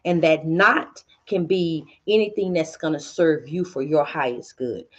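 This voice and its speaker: A woman hosting a spiritual teaching talk, calmly coaching listeners and acting out their inner dialogue. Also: deep voice, unhurried, hardly any pauses, slightly rough, highs cut off. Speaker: host.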